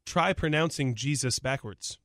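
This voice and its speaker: A woman co-hosting a radio show, reacting quickly and laughing along in casual chat. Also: very deep voice, dry recording, clean studio sound. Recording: loud noise behind voice.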